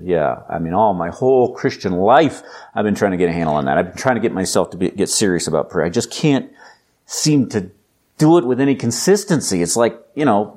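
A man preaching a sermon in a conversational, emphatic way, building up to loud, intense exhortation. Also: lowish voice. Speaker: pastor.

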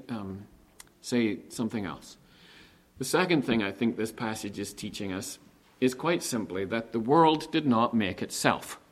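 A man delivers a sermon with lively, animated preaching. His voice sits a little higher than most men's. He keeps asking the listeners rhetorical questions and slows right down on the words he wants to land. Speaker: pastor.

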